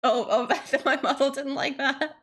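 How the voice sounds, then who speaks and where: A woman's voice: high voice, fairly even intonation, unhurried, fairly bright tone. A woman streaming a game, reading its narration aloud and chatting playfully with laughter.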